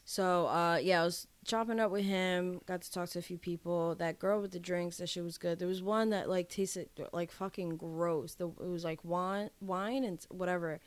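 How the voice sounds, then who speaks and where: A woman's voice: on the low side, moderate pace, few pauses, clear, resonant tone, dry recording. A young woman co-hosting a podcast, telling casual stories with swearing and acted-out quotes. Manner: animated storyteller, profane, acts out quotes. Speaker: podcast co-host. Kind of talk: casual chat.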